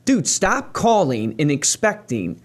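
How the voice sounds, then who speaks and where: A man's voice: fairly high pitch, sing-song, slow pace. A man co-hosting a podcast, speaking emphatically in a coaching tone to his audience. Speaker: podcast co-host. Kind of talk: casual podcast chat.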